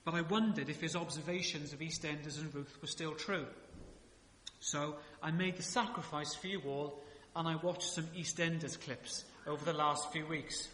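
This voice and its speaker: Preaching in a church sanctuary, this man keeps his sermon conversational, peppering it with jokes and rhetorical questions. He speaks at a normal pace in a high-leaning, pushed, bright voice with fairly even intonation, while the hall's echo and slight background noise surround him.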